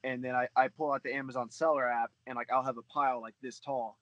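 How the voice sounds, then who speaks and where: This book reseller, guesting on an interview, chats in a quick, casual way packed with fillers and swear words. The recording is dry and muffled, carrying his medium-pitched, level, fairly bright voice.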